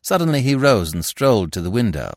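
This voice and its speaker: A man narrating a classic novel in the first person as an audiobook, in a measured storytelling manner. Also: mid-range voice, big pitch swings, dry recording, studio quality. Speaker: podcast narrator.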